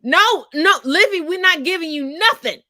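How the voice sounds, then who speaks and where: A brash woman in her forties with a high, bright voice that leaps all over the place. She teases and curses through loose live-stream banter. The sound is dry and close. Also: normal speed, no echo. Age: 40s. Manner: brash, profane and teasing, swoops up loud when excited. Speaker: co-host.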